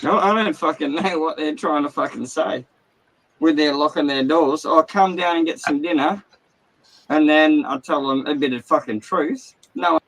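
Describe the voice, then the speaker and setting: A man's voice: fairly high pitch, expressive, moderate pace, a bit bright, low-quality recording. An Australian man hosting a casual livestream, ranting with heavy swearing from his caravan. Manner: agitated, heavy swearing, rambling. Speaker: livestream host.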